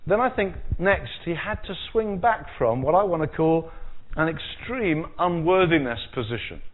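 A man preaching a sermon in an animated, jokey way, acting out the quotes he tells. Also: a little high, normal speed. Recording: tinny phone-like sound.

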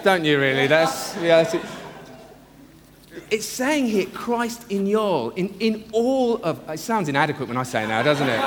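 Lively, high-pitched pastor preaching. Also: male voice, long reverb tail, slight background noise. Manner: earnest, emphatic, slows down for key phrases. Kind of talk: sermon. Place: church.

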